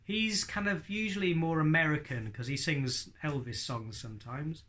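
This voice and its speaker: Bright-voiced male ventriloquism teacher. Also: fairly high pitch, moderate pace. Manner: chatty, light-hearted. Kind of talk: instructional talk to camera.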